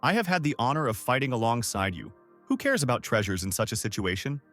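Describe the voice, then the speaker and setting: A man voicing a fawning, flattering middle-aged viscount, heaping praise on a guest in a story recap. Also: mid-range voice, fast talker, faint music behind. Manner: flattering, ingratiating.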